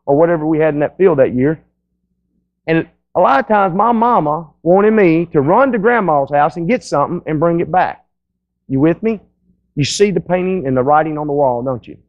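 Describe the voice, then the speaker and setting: A man's voice: a little high, narrow, tinny audio. A man with a Southern American accent, a pastor preaching a sermon in a folksy, conversational way. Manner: folksy, conversational, acts out listeners' voices. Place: church sanctuary.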